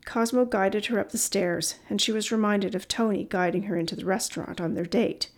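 A woman narrates a chapter of a story in a steady, expressive reading voice. Her pitch sits in the middle range, with a noticeable gravelly fry at the ends of phrases. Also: brisk. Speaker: audiobook narrator.

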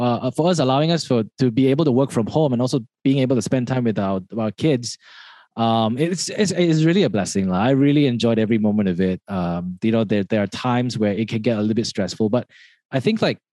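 A man's voice: mid-range voice, a little fast, dark tone, no room sound. A Malaysian man in his thirties talks as a podcast guest, in a loose chat full of restarts and easy laughs. His voice sits in a middle register. The sound is dry and close, with no room around it. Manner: rambling, many restarts, laughs often. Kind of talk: casual interview chat.

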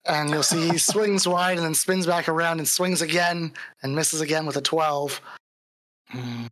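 A woman's voice: sits low, steady tone, moderate pace, fairly bright tone, dry recording. A woman narrating a live tabletop game as dungeon master, in a casual, easygoing way. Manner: casual, laughing, describes the action plainly.

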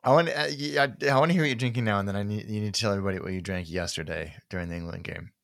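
A man's voice: on the low side, very fast, creaky, fairly bright tone, dry recording, studio quality. A man co-hosting a podcast, chatting casually and enthusiastically about wine in a rambling way. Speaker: podcast co-host. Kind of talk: casual chat.

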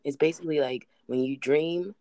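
Relaxed man telling slangy stories. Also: fairly high pitch, normal speed, slight background noise. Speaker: podcast co-host. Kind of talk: casual chat.

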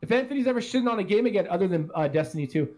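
Male podcast host, casual chat, rambling, a bit higher voice, swears a lot. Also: lively intonation, racing, darkish tone. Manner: rambling, profane, self-deprecating.

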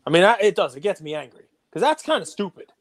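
A man co-hosting a podcast, talking casually and getting animated and worked up. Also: sits high, quick pace. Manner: animated, gets worked up and loud. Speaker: podcast co-host.

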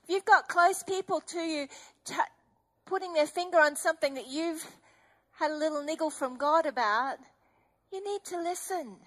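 A woman's voice: high-pitched, moderate pace, fairly bright tone. A middle-aged woman preaching an emotional, earnest testimony sermon. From Australia.

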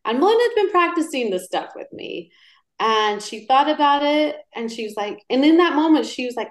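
A middle-aged woman, a podcast guest, chatting casually and telling lively stories. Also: fairly high pitch, fairly quick. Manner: animated storyteller. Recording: roomy echo.

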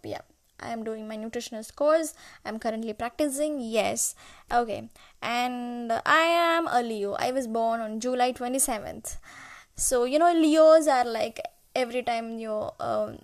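A woman in her twenties who is not a native English speaker, talking unscripted on her own podcast, searching for words and full of fillers. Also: a little high. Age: 20s. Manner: rambling, searching for words, frequent laughs and fillers. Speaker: podcast host. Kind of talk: unscripted solo podcast intro. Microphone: podcast app recording.

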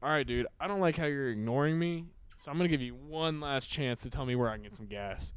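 A man's voice: mid-range voice, quick pace, smooth, dry recording, close to an everyday voice. A man voicing an impatient male alien inside a joke he is telling, with a casual, offhand delivery. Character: alien man on a road trip, pushy and impatient.

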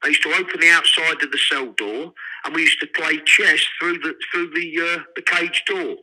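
An older man, telling profane, animated prison stories in an interview. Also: on the high side, normal speed, poor audio. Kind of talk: storytelling.

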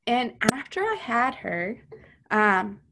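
A woman's voice: a little high, big pitch swings, takes it slowly, pushed and bright. Female podcast guest, personal testimony, earnest and chatty with filler words.

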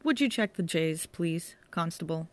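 A woman voicing a calm, insistent male sleuth. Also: fairly low pitch, moderate pace, natural voice.

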